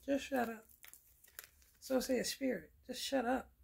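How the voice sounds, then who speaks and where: Blunt, gravelly-voiced woman tarot reader. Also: on the high side, fairly even intonation, unhurried, a little mellow. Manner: blunt, profane, preachy. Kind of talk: casual tarot reading.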